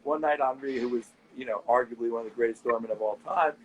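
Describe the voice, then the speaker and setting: A middle-aged man in a casual interview, telling animated anecdotes and quoting people as he goes. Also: medium pitch, fast talker, lo-fi sound, a little hiss or hum. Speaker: nightlife owner and guest.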